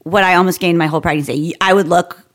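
A woman's voice: fairly low pitch, steady tone, fast. A woman in her thirties co-hosting a podcast, joking bluntly and swearing freely in casual chat. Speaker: podcast co-host.

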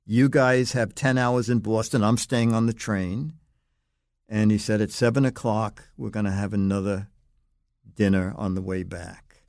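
Older man telling animated anecdotes. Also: fairly low pitch, a little slow, no echo, studio quality. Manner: animated anecdotes, acts out others' lines. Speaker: guest, longtime magazine writer. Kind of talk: podcast interview storytelling.

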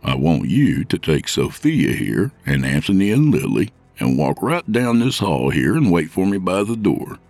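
A man voicing a gruff, menacing Santa Claus with a deep gravelly voice and a slow soothing drawl in a storybook reading. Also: sing-song, a little mellow, dry recording, soft background music, full character voice. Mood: gentle. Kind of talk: audiobook narration.

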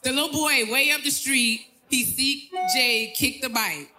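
An American woman, a guest on a live podcast show, loudly teasing her co-guest and repeating the punchline. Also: high-pitched, unhurried, faint music behind, rough recording. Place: packed live club stage.

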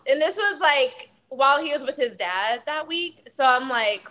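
High-voiced woman telling a story, animated. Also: normal speed. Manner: animated, laughing through stories. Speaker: podcast co-host. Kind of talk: casual chat, storytelling.

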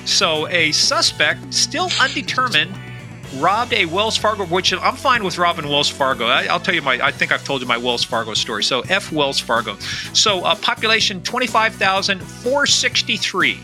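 High, bright-voiced man joking as host. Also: very animated, moderate pace, soft background music. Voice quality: wisecracking, loose delivery. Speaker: podcast co-host. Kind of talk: joking podcast banter.

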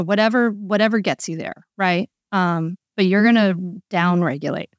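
Woman coach talking parents through stuff, earnest, keeps saying right?, mid pitch, dry close sound. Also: no echo. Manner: earnest, explanatory, many "right?" check-ins. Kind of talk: coaching conversation.

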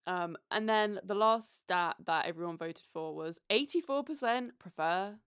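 A woman's voice: mid-range voice, measured pace, fairly bright tone, clean tone, no echo, studio quality. A young British woman with a British accent co-hosting a podcast, talking candidly in casual chat. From Britain. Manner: candid, chatty. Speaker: podcast co-host.

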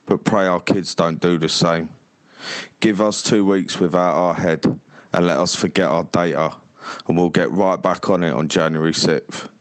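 A man with a Cockney accent reciting a deadpan parody prayer as a voice message. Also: low voice, poor audio. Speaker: teacher sending a voice message.

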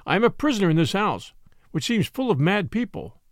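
A man's voice: high-pitched, sing-song, a little fast, no room sound, clean studio sound. A man reading a gloomy, bewildered young soldier in an audiobook, subdued in tone.

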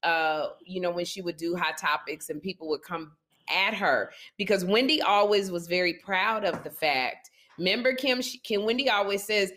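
A woman's voice: lowish voice, moderate pace, fairly bright tone. A woman co-host in casual chat, speaking firmly and explaining her view.

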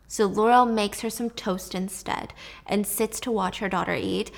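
A woman's voice: medium pitch, steady tone, moderate pace, creaky. A woman telling a true story in a casual, chatty way, swearing offhand and talking straight to the listener.

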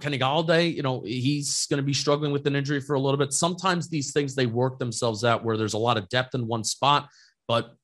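Young guy on a sports podcast, steady measured talk, mid pitch. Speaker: podcast co-host.

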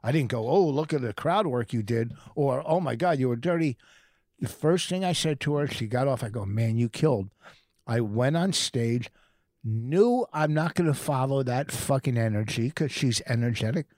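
A male comedian co-hosting a podcast swears and talks over his co-host, insisting on finishing his story in argumentative banter. His medium-pitched voice is expressive and a little mellow at a moderate pace. The studio-quality recording has no room sound.

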